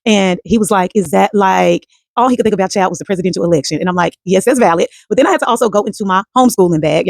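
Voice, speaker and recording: Fast-talking gravelly Southern woman. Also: medium pitch, a little mellow, no echo, studio quality. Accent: Southern American. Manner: chatty and reflective, addresses viewers as y'all. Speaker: vlogger, homeschool mom. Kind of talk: casual vlog monologue.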